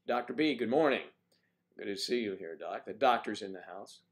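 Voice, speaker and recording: Older man, livestream host, casual chat, slightly low voice, playful, reads out viewer comments. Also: expressive, moderate pace. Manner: chatty, greets viewers by name, playful.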